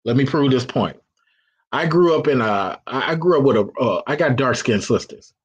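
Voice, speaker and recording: A man's voice: mid-range voice, expressive, moderate pace, husky, lo-fi sound. A man hosting a live call-in show, giving blunt, preachy dating advice in casual slang and reading out chat comments. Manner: casual slang, frequent restarts.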